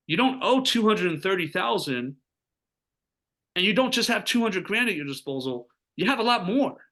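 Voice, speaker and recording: A man talking as a financial advisor, getting fired up as he pitches a strategy, asking rhetorical questions and acting out what clients say. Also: fairly bright tone. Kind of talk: energetic sales pitch talk.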